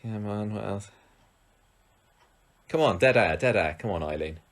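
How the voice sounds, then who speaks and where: A man's voice: fairly low pitch, animated, unhurried, a bit bright. A man co-hosting a casual chat, enthusiastic and self-mocking as he clicks through old fan websites. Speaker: co-host.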